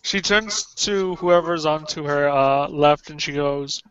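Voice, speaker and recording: A man's voice: fairly high pitch, takes it slowly, fairly bright tone, clear, resonant tone, no echo. A man playing a character in a tabletop game, hesitant, with many fillers and restarts. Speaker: player. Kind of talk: casual tabletop play. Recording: dull lo-fi sound.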